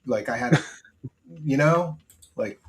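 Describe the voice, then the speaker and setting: A man's voice: mid-range voice, takes it slowly. A man hosting a casual panel, gossiping with lots of fillers and laughter. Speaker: panel host.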